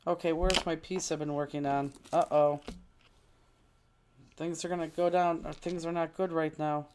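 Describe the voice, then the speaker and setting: A woman's voice: low-pitched, level tone, normal speed, darkish tone, a little hiss or hum. Chatty woman teaching a craft class. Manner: chatty, exclaiming, fretful while searching. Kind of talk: live online craft class, casual chat.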